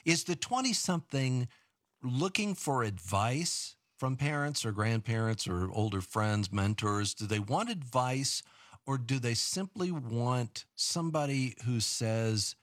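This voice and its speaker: A man's voice: medium pitch, animated, unhurried, no echo, clean studio sound. A man hosting a casual faith-based interview, asking curious questions and affirming his guest. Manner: inquisitive, affirming. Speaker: host.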